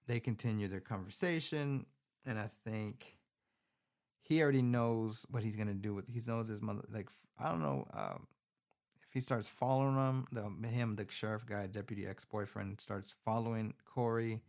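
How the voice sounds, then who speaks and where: A man's voice: lowish voice, normal speed. A man casually recapping a film on his phone camera, cursing constantly and rambling animatedly. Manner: profane, rambling, animated storytelling. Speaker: movie recapper.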